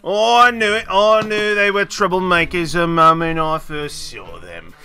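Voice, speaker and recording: A man voicing a gruff, suspicious male guard in a tabletop game. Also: high voice, lively intonation, unhurried, sharp tone, faint music behind, voice pushed up, exaggerated voice. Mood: gloating.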